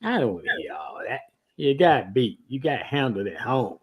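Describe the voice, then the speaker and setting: A man's voice: medium pitch, big pitch swings, slightly rough. A man with an ordinary mid-range voice, talking trash on a casual sports podcast. He stops and restarts often, piling on fillers as he makes his point. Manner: trash-talking, halting speech with many restarts. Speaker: podcast co-host.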